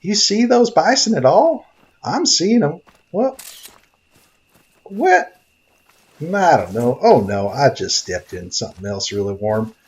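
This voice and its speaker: A man's voice: on the high side, slow, pauses often, muffled recording, full character voice. A man playing a bumbling folksy greenhorn hunter. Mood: rambling. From Tennessee. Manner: rambling, folksy, easily excited. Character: naive bumbling male greenhorn hunter-photographer. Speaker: gaming video narrator. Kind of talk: comedic in-character game commentary.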